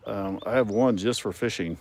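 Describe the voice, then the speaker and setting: A man's voice: on the low side, normal speed, darkish tone. A man hosting a casual livestream, reading viewer comments and talking in a rambling way with many ums and some dry sarcasm. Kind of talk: casual chat.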